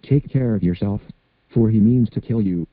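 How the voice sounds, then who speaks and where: A man's voice: fairly low pitch, moderate pace, no room sound, natural voice. A man voicing an enraged male genie of the lamp, scolding with wrath, on a dry, phone-like recording. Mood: wrathful. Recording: dry, phone-like narrow sound.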